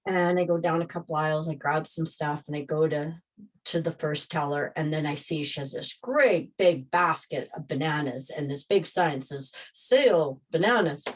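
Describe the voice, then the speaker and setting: A woman casually telling a personal story, rambling and animated as she re-enacts scenes. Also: low voice, normal speed.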